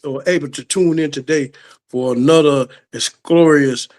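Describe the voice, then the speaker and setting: A man's voice: a little high, steady tone, normal speed, a little mellow. A man co-hosting a sports podcast, talking casually and playfully ribbing a fellow panelist. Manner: playful trash talk. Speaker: podcast co-host.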